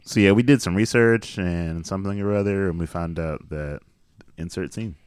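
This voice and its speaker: A man's voice: deep voice, normal speed, smooth, no room sound. A man co-hosting a casual movie recap, summarizing the plot in a laid-back way. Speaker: podcast co-host.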